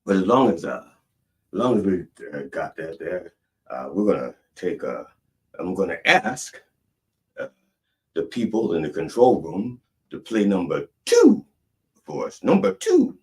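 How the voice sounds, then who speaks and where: Speaking from the very bottom of his range, a man delivers a rambling, deadpan comic sermon. He meanders through fillers and restarts with an unhurried pulpit drawl. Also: deep voice. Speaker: comic preacher. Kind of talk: mock sermon.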